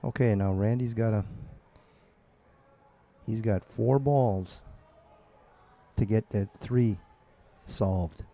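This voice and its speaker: Mellow-voiced man analyzing pool shots. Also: on the low side, takes it slowly, pauses often, muffled recording. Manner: analytical, explains shot choices. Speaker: pool color commentator. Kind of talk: casual live commentary.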